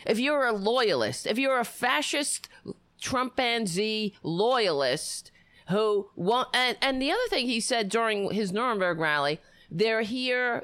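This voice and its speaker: A woman's voice: mid-range voice, lively intonation, unhurried, fairly bright tone, no room sound. A woman hosting political commentary, indignant and sarcastic, stumbling over restarts as she rants.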